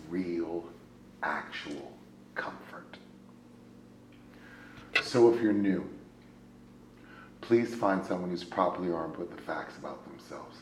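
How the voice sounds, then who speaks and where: A man giving a personal testimony as a speaker at a recovery meeting. He tells his story with animated swings between loud exclaiming and a hushed murmur, and keeps checking in with "right?". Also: low voice. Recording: echoey room with faint ambient noise.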